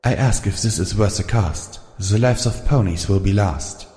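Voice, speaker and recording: A man's voice: lowish voice, normal speed, mellow, reverberant, in a large hall, natural voice. A man voicing a mysterious female zebra spy who talks in a formal, rhyming way in a storybook reading. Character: mysterious zebra spy woman, speaks in rhyme.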